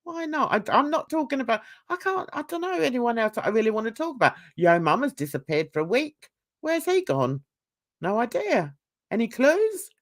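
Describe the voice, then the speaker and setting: A woman's voice: on the high side, sing-song, a little fast. A woman hosting casual reaction commentary, chatty and gossipy, laughing often. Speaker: commentary channel host.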